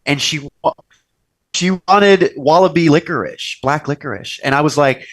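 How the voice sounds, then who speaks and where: A young man hosting a casual chat show from a restaurant's wine cellar, telling stories and acting out quoted lines in bigger voices. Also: moderate pace. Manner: animated storyteller, acts out quotes with big pitch jumps. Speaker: podcast host.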